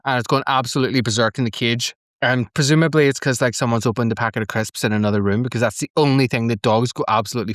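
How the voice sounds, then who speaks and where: A man's voice: mid-range voice, fairly bright tone, no room sound, studio quality. A man hosting a podcast, casually recapping an episode and swearing freely as he chats. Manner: chatty, swears freely, retells scenes with laughs. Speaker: podcast host.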